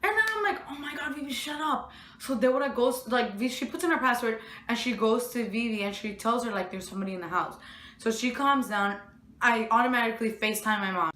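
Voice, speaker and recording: A woman's voice: fairly high pitch, fast, a bit bright. A young woman telling a storytime vlog, rambling with lots of fillers. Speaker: vlogger. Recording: echoey room.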